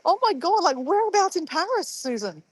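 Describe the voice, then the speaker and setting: A woman's voice: very high-pitched, very animated, a little fast, no room sound. A woman, chatting casually and playfully with live viewers in a bubbly, laughing way.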